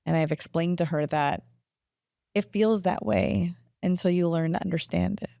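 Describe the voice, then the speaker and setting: A woman hosts a podcast in a relaxed, conversational way, her voice pitched on the low side. She mostly chimes in with quick agreement, and the recording is dry and close. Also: gravelly, no room sound. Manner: warm listener, short affirmations and quick agreement. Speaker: podcast host. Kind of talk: casual conversation.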